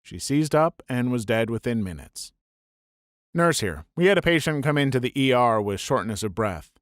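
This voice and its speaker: A man reads short stories aloud in a steady, even voice, with no showy turns. The recording is dry and close, with no room sound around him. His pitch sits in the middle range for a man. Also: moderate pace, no echo. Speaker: narrator reading online stories. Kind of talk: scripted story narration.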